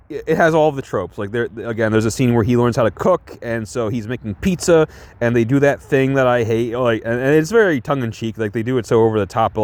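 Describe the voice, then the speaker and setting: Rambling man reviewing a movie. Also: mid-range voice. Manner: rambling, lots of fillers and restarts, chuckles often. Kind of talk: casual film review chat.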